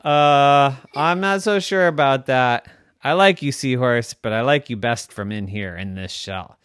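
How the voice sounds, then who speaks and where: A man voicing a lazy, sweet girl who lives in a shell, in a high, squeaky, childlike voice, for a silly bedtime story. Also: unhurried, fairly bright tone, clear, resonant tone, dry recording, clean studio sound, lightly acted. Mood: indignant.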